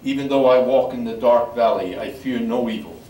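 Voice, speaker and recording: An older man, a priest, reading scripture in a measured, solemn way at a memorial service. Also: medium pitch, dark tone. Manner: measured solemn reading, halting when speaking freely. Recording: echoey room from far off, faint background noise.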